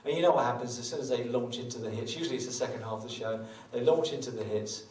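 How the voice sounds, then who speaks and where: With a fast, slightly mellow, medium-pitched voice, a middle-aged guitarist jokes wryly about himself in on-stage patter between songs at a small concert venue. The recording comes from a distance, echoey, with guitar in the mix.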